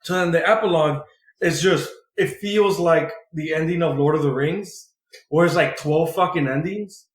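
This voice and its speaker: A man with a fairly high pitch, talking at normal speed, co-hosts a podcast and casually recaps a comic book. He rambles, uses lots of filler, and swears freely; the recording has the echo of a roomy space.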